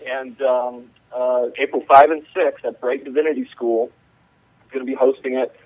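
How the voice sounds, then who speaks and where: A man from the Charlotte area calling in as a radio guest, earnest and filling his pauses with ums and uhs. His voice is of ordinary pitch for a man. The line is narrow and phone-like, and completely dry. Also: fairly even intonation, husky, no room sound. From Charlotte, North Carolina area. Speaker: guest, community organizer.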